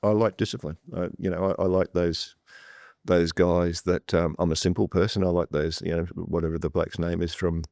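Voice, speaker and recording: A man's voice: low-pitched, level tone, normal speed, gravelly, darkish tone, no echo, clean studio sound. A man talking as a guest on a property panel, telling stories bluntly with lots of restarts. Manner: repetitive restarts, blunt and plain-spoken. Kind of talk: conversational storytelling on a panel. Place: room with a live audience.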